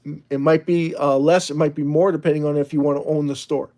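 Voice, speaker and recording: A man's voice: on the high side, flat delivery, fast, warm tone. A man hosting a casual livestream, rambling and chatty as he reads out the chat. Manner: rambling, chatty, with frequent restarts and laughs. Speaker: livestream host.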